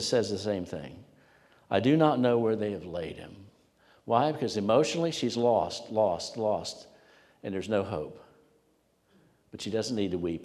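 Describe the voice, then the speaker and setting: A man preaching a sermon, earnest, swinging from loud emphasis down to near whispers. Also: deep voice. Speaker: pastor. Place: church sanctuary. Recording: long hall reverb.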